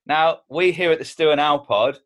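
A man's voice: on the high side, moderate pace, fairly bright tone. A man co-hosting a casual comedy podcast, joking, laughing often and rambling with restarts. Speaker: podcast co-host.

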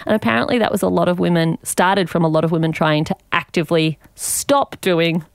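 An Australian woman in her thirties, a podcast guest explaining her points with lively examples. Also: fairly low pitch, fairly quick, creaky, clean tone, dry recording, studio quality. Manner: articulate, animated explaining with examples. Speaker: guest author and commentator. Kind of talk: podcast interview.

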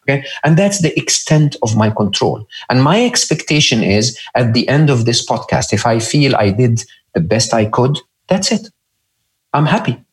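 A man with a non-native English accent, speaking as a podcast guest, earnest and emphatic, often checking in with "okay?" and rising sharply in pitch to stress points. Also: normal speed, low-quality recording. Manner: lively swings in pitch when stressing points. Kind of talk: conversational interview.

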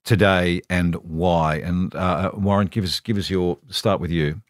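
A male interviewer with a fairly low voice keeps things moving with short questions and quick asides. The sound is dry and close. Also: fairly even intonation, dry recording. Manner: brief prompting questions and asides. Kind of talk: casual interview hosting.

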